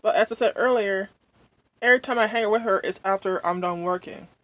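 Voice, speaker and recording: A mukbang vlogger eats while chatting casually, rambling and venting with many fillers and pleased hums between bites. Her medium-pitched voice is a little fast, with no echo.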